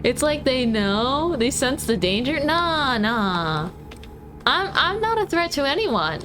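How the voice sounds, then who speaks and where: Playing a driving game on stream, this woman chats playfully and giggles, teasing her viewers casually. Her voice is high and very animated but her pace is slow, with noise in the background.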